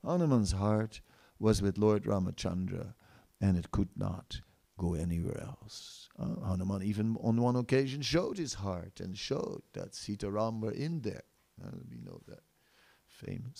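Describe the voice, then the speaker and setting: Guy giving a sermon, telling a story, acts out the characters, repeats stuff a lot, restarts mid-sentence. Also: vocal fry. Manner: animated storytelling, acts out characters' lines with rising pitch; many restarts and fillers, repeats phrases for emphasis. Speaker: preacher.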